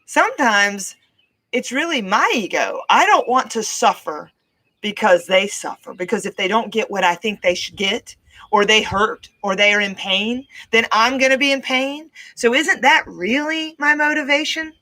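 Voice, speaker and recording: A middle-aged woman host giving a casual motivational talk, expressive and acting out what parents say. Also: a little high, normal speed, low-quality recording. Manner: expressive, acts out quoted parents.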